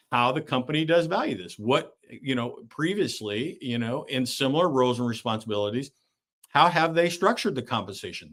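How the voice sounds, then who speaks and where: A man's voice: on the high side, a bit bright. A middle-aged man hosting a live online coaching session. He tags his points with "right?" and speaks with many fillers and restarts.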